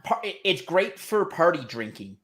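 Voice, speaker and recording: A man's voice: fairly high pitch, sing-song, normal speed, a bit bright. A man chatting casually on a livestream panel, jokey and talkative, reviewing a strong Scotch. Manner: chatty, jokey, puts on voices for laughs.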